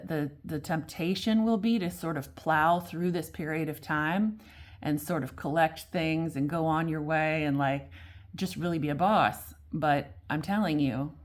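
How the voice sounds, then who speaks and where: Lowish-voiced woman tarot reader, loose and chatty, lots of ums and restarts, seated at a table. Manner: rambling, chatty, many fillers and restarts. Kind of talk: casual spoken tarot reading. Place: at a table at home.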